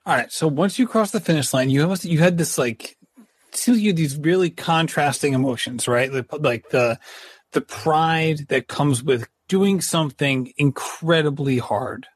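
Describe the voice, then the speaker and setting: Male host, thoughtful, slightly high voice, dry sound. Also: breathy edge, no room sound. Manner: thoughtful, slow, searching for words. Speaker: podcast host. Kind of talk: casual interview talk.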